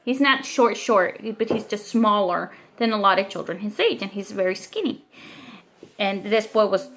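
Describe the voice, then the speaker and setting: A woman in her thirties telling a long story about her son, retelling what people said in an animated, upset way with many restarts. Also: mid-range voice, normal speed. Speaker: vlogger, mother. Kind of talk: casual storytelling vent.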